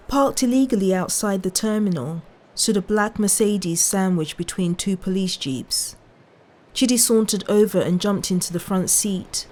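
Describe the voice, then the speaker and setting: A woman narrating a short story in an even, measured manner. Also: medium pitch. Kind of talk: reading a short story aloud.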